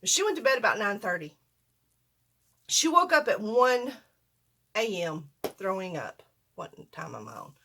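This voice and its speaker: A woman's voice: mid-range voice, very animated, unhurried, long pauses, pushed and bright, slight background noise. Folksy older woman, rambling, self-deprecating storytime vlogger. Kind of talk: casual storytime.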